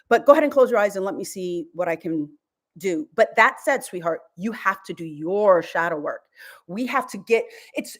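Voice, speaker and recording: A woman doing live psychic energy readings, casual and soothing, calling her caller sweetheart and leading guided visualizations. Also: medium pitch. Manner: swears casually. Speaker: psychic reader.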